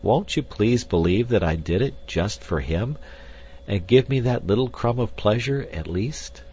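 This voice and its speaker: A man reading the part of a devoted young nobleman, soft-spoken and pleading. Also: lowish voice, lively intonation, unhurried, slight background noise.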